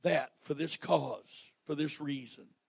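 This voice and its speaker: Pastor, male, Southern accent; high gravelly voice, dry close sound, dynamic preaching delivery. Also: takes it slowly, no room sound. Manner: preaching, swinging from quiet asides to shouted emphasis. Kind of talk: sermon.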